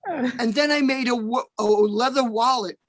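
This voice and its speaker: A man telling deadpan stand-up one-liners over a video call at an open mic. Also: very high voice, moderate pace.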